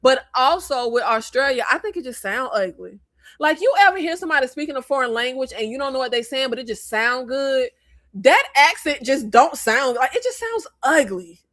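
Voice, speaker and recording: American lady with a high voice ranting about movies, blunt, opinionated, goes off on tangents. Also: normal speed. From United States. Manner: blunt, animated and opinionated, with rambling asides. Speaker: host. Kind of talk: casual movie review chat.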